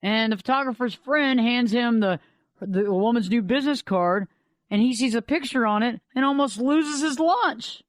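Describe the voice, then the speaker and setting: A woman's voice: a little high, moderate pace, no room sound. Dry-voiced woman telling stories on radio. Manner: conversational, repeats "think about" to make points. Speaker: life coach and radio host. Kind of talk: storytelling talk-show monologue.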